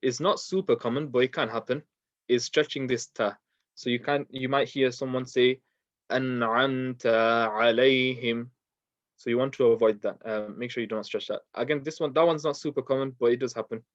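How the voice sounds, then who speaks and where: A man's voice: medium pitch, no echo. Patient man teaching Quran pronunciation. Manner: patient, repeats words slowly for practice, many fillers. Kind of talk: recorded online lesson, explaining pronunciation. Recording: dull, dry lo-fi sound.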